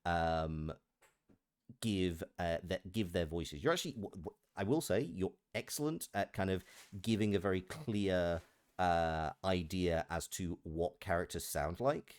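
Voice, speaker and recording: A man's voice: sits low, measured pace, clear, resonant tone, no room sound. A man with a Merseyside accent chatting on a live stream as a voice actor, explaining his thinking in a thoughtful way. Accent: Merseyside English. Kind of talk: casual chat on a live stream.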